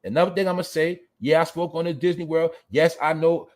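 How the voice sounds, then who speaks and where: A man's voice: a little high, steady tone, fairly quick, a little mellow. Profane, ranting male livestream host. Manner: profane, blunt, preachy, talks straight to viewers. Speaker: show host. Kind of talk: livestream commentary rant.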